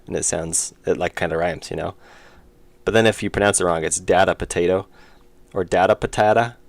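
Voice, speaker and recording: A man's voice: fairly low pitch, no room sound. A man streaming his indie game development, chatting casually and rambling with chat while he works. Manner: rambling, self-interrupting, chuckling.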